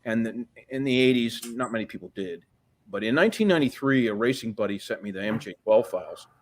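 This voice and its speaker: A man's voice: medium pitch, fast. Rambling profane older man. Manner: profane, rambling, restarts often. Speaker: guest. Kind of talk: storytelling interview.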